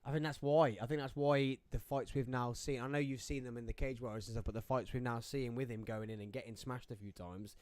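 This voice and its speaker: A man in a mid-pitched voice runs a casual podcast chat with a friend. He is teasing and playful, and keeps breaking into put-on accents for fun. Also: steady tone, fairly quick, hardly any pauses, a little mellow, dry recording. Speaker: podcast co-host. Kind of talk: casual chat watching a live event.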